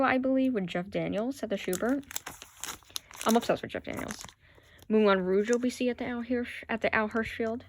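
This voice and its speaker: A woman's voice: medium pitch, slight background noise. A woman chatting casually into her phone, gushing with fan enthusiasm as she shows off her collection. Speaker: vlogger showing her playbill collection. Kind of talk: casual chat to camera.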